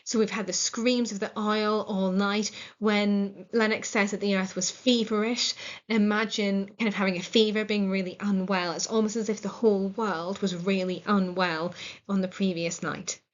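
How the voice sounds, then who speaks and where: An English woman teaching a recorded literature lesson, explaining the scene clearly and encouragingly. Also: medium pitch, little pitch movement, moderate pace, highs cut off.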